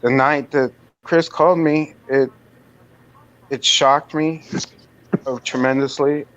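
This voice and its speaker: A man, a channel moderator, thanking people at a memorial stream in a halting, sincere way. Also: mid-range voice, steady tone, a bit bright. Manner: halting, sincere, many fillers. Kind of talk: casual memorial remarks on a live stream. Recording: dull lo-fi stream audio.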